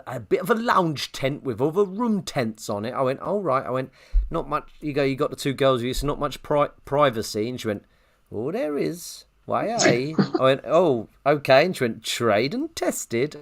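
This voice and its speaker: Animated man telling a story. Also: normal speed, creaky. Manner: animated storyteller, jumps pitch for quoted voices. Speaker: podcast co-host. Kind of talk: casual anecdote telling.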